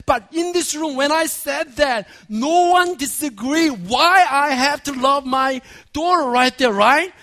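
This is a male pastor delivering a sermon. His voice sits high for a man. He moves between relaxed, laughing storytelling and loud, emphatic proclamation. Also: measured pace, few pauses. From Korea. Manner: animated, laughing storyteller who builds to shouted emphasis.

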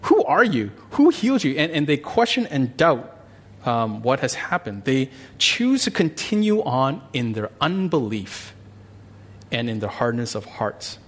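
Guy preaching, chatty and animated, mid-pitched voice. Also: a little slow. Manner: conversational, animated bible teaching with acted quotes. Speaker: pastor. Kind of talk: sermon with prayer.

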